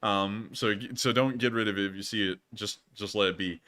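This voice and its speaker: A young man hosting a casual livestream news show, jokey and high-pitched, talking in a playful, teasing way with quick asides. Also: steady tone, bright, forceful tone.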